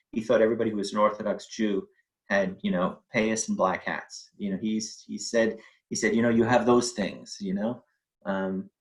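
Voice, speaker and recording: A man's voice: on the low side, low-quality recording. A middle-aged man telling a personal family story in a conversational way, with fillers and quoted speech.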